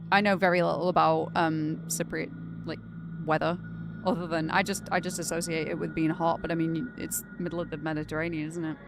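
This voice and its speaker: Live streaming a game, a young Greater Manchester woman with a Northern English accent and a voice on the low side rambles casually, using plenty of fillers.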